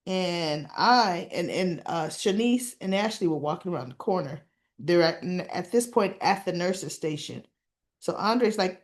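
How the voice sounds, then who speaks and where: A woman casually recapping a soap opera episode, acting out the characters' lines in an animated, chatty way. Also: on the low side, unhurried. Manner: animated retelling, acts out lines.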